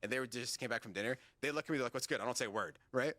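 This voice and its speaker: A man's voice: mid-range voice, racing, crowd noise. A man telling a story on a casual podcast, swearing freely and acting out what people said. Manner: animated, profane storytelling with acted-out quotes.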